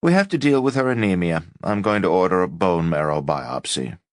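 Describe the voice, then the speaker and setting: A man's voice: deep voice, animated, fairly quick, no echo, studio quality. A man voicing a curt, condescending young male resident doctor.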